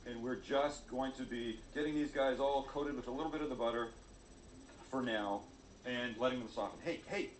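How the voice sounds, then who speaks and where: A man's voice: medium pitch, moderate pace, roomy sound, a little hiss or hum. A man hosting a cooking video, chatty and jokey, poking fun at himself as he cooks. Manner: jokey, self-mocking, chatty. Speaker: cooking show host.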